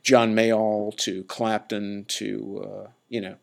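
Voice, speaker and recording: A man's voice: lowish voice, flat delivery, takes it slowly, creaky. A man hosting a podcast, telling stories in a chatty, laid-back way with lots of fillers and restarts. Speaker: podcast host. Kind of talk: casual rambling storytelling.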